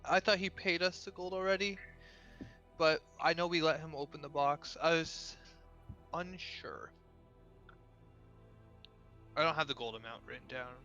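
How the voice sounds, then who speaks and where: A man's voice: fairly high pitch, measured pace, long pauses, bright, forceful tone, lo-fi sound, faint music behind. A man playing a tabletop game, partly in character, in a hesitant, polite manner. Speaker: player.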